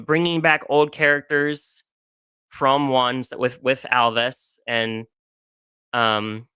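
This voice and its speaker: A man's voice: medium pitch, sharp tone, clean tone, dry recording. A man guest on a casual podcast, talking emotionally and with many restarts about games he loves. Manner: gushing, emotional, restarts often.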